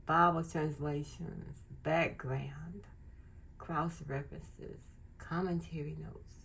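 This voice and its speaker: A woman's voice: deep voice, steady tone, takes it slowly, creaky, fairly bright tone, a little hiss or hum. A woman hosting a casual unboxing vlog, gushing over craft and faith supplies. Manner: gushing, effusive. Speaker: channel host.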